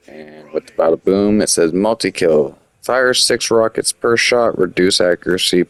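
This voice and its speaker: A man with an extremely low, fry-heavy voice gives casual, rambling gameplay commentary packed with fillers and restarts, all while he has the hiccups. The recording is dry.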